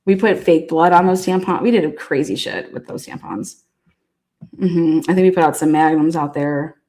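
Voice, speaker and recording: Her voice is low and mellow, at a normal speed. She's a host telling rambling, casual stories on her show, full of laughter and free swearing.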